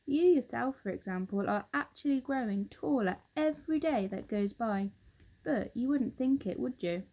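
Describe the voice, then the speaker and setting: Lively woman reading a children's story. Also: on the high side, moderate pace. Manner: expressive, addressing young listeners. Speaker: teacher reading aloud.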